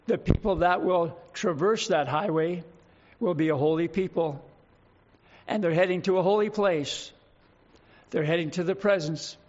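A male pastor preaching a sermon, reading scripture slowly with emphasis and putting questions to his congregation. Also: high-pitched, lo-fi sound.

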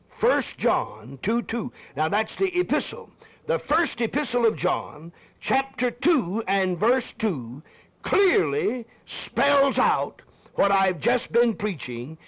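A man preaching a fiery old-time sermon, repeating phrases for emphasis and swinging between loud cries and hushed lines. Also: sits high, big pitch swings, slow pace. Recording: dull lo-fi archival sermon recording.

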